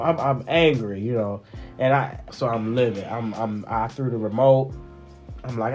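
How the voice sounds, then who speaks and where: A man casually recounting his part in a family testimony, animated and full of restarts and fillers. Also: medium pitch, a little slow, soft background music. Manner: animated, repeats words, many fillers. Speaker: husband sharing a testimony.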